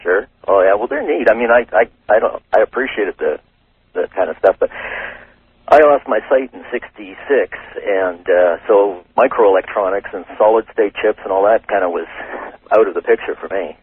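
Middle-aged Canadian man phoning in, low husky voice, tinny line, rambles happily. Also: moderate pace, no echo. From British Columbia, Canada. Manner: chatty, rambling, laughs easily. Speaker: caller. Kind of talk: phone-in chat. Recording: tinny phone line over radio.

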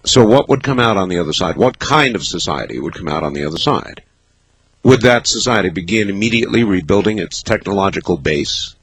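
A man hosting a late-night call-in radio show from a studio, musing and halting as he thinks aloud. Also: deep voice, lively intonation, fairly bright tone, slightly rough, no room sound, poor audio. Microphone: studio microphone.

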